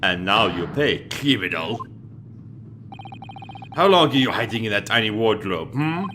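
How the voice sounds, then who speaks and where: A man's voice: fairly low pitch, sing-song, measured pace, noisy background. Susato, a man doing a formal young woman. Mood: accusing. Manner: stiff formal phrasing, accusing. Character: polite earnest young woman assistant, formal.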